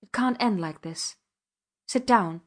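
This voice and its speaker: A woman reading the lines of a proud, agitated husband who lectures his wife loudly and with authority. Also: mid-range voice, slow. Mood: stern. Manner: indignant and authoritative, loud outbursts.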